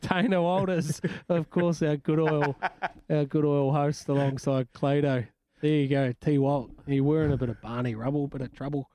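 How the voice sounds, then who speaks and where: A New man hosting a breakfast radio show, cracking jokes and rambling between laughs. His voice sits a little high for a man and is close and dry in the studio, with no room sound. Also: level tone, normal speed, mellow, dry recording. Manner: jokey, rambling, laughs often. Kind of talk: casual breakfast radio banter.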